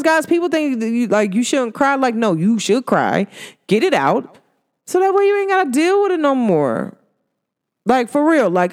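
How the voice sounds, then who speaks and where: A woman vlogger gives a casual motivational monologue, chatty and full of slang, laughing often and swooping her pitch upward when she gets excited.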